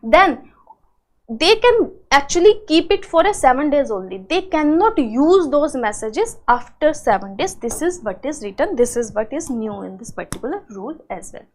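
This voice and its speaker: High-pitched woman teaching. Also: big pitch swings, moderate pace. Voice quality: frequent "right?" and "uh" fillers. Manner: explanatory, asks and answers own questions. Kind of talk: exam-prep lecture.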